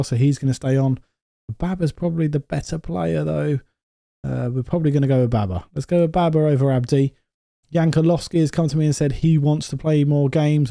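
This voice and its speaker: A man commentating on his own football management game, excitable and quick to get exasperated. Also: mid-range voice, dry recording, clean studio sound. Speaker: gaming YouTuber.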